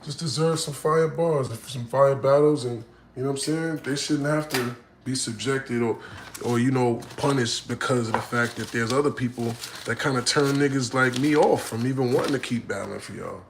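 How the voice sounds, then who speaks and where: A man's voice: mid-range voice, normal speed, echoey room, a little hiss or hum. A man, a battle rapper, chatting casually with fans in a slangy, profane, rambling way that swings between hyped and subdued. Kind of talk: casual live chat with fans.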